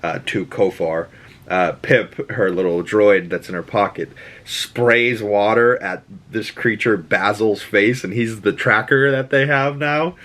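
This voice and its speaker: A man's voice: fairly low pitch, measured pace, fairly bright tone. A young man with a Boston accent hosting his own show, casually recapping a TV episode and ranting profanely, acting out the characters' lines in shifting voices. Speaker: show host.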